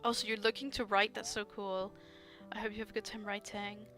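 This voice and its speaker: A woman's voice: medium pitch, level tone, a little fast, fairly bright tone, soft background music. A young woman chatting casually while drawing on stream, rambling with many fillers and frequent laughs, gushing about art. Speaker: artist streamer.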